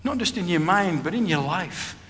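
A middle-aged man preaches his personal testimony in a high-pitched, a bit bright voice that is animated yet at normal speed. He keeps it earnest and plain, repeating phrases frequently, with the recording made in a reverberant hall with faint background noise.

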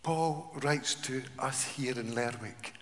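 A man preaching a sermon in a church, asking rhetorical questions and swinging from hushed tones to loud declarations. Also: medium pitch, slow pace, noisy background. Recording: reverberant church hall.

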